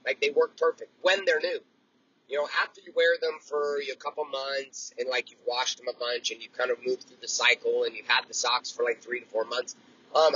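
A man in his early forties hosting a motivational podcast, telling a story in a blunt, profane, animated way. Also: on the high side, slightly rough, muffled recording. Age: 40s. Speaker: podcast host. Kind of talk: motivational monologue.

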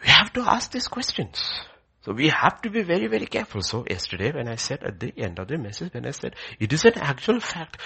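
A male preacher delivering a sermon with a husky voice. His pitch is very lively, jumping high for emphasis and then falling to quiet, almost whispered passages. He keeps moving between loud declarations and hushed storytelling.

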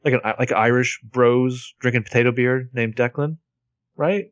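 A man's voice: mid-range voice, fairly even intonation, moderate pace, no room sound, muffled recording. A man with a mid-range voice narrates an episode's plot in loose, jokey casual chat. He rambles and tosses in wisecracks. The recording is dry and close. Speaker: podcast co-host.

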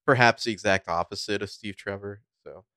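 Deep smooth-voiced man, rambling film chat. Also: fairly quick, pushed and bright, no room sound, studio quality. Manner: rambling, filler-heavy, opinionated. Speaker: podcast co-host. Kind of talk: casual movie review chat.

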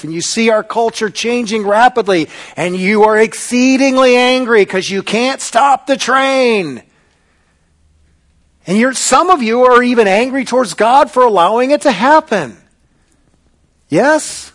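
Animated, high-voiced male preacher. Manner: dramatic, sarcastic, swings between loud and hushed. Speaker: pastor. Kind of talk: sermon.

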